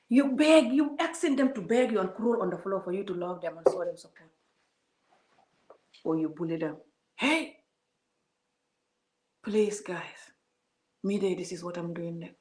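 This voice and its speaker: A woman speaks her mind straight to the camera, emphatic and preachy. She keeps repeating words and firing off rhetorical questions. Her voice has a middle pitch, and the room echoes around it. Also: normal speed, dark tone. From Gambia. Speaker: vlogger. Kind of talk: opinionated vlog monologue. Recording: roomy echo.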